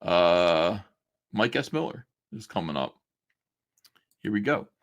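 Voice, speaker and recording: Man, lowish voice, very animated pitch, bright tone, sarcastic, mocking, reads messages aloud and riffs. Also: takes it slowly. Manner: sarcastic, mocking, laughs often. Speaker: streamer reading old chat logs. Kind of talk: casual commentary on a live stream.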